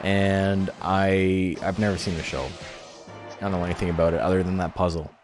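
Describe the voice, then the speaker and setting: A man's voice: low-pitched, little pitch movement, normal speed, over music. A man streaming a game tournament, chatting casually and rambling in a laid-back way, swearing now and then.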